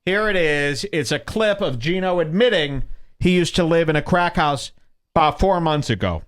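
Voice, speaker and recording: A man's voice: a little high, lively intonation, moderate pace, no room sound, studio quality. A middle-aged man hosting a podcast, giving crude comedic commentary and mocking people by putting on voices for them. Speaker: podcast host.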